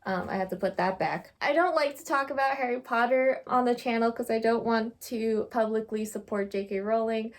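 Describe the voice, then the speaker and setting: A woman's voice: fairly high pitch, normal speed, hardly any pauses. A woman in her twenties talking casually to her phone camera by her bookshelves, chatty and self-mocking, laughing often. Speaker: booktuber. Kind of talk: casual vlog monologue.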